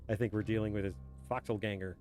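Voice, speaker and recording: Goofy low-voiced male streamer. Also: fairly even intonation, normal speed, a little mellow. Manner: goofy, laughs often, playful asides and silly voices. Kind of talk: casual chat with chat while gaming. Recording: faint game music behind. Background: game music.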